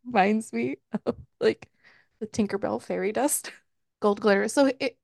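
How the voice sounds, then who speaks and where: A woman's voice: on the high side, measured pace, vocal fry, darkish tone, no echo, studio quality. A woman hosting a casual book club podcast, laughing and candidly retelling scenes with quoted lines. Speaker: podcast host recapping a book.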